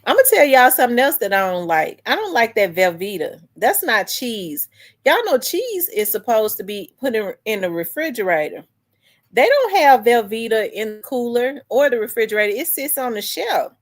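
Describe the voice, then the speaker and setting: A woman with a fairly high, sing-song voice talks at a normal speed while hosting a casual livestream. She chats loosely and ramblingly with her live viewers, often restarting her sentences and answering comments from the chat.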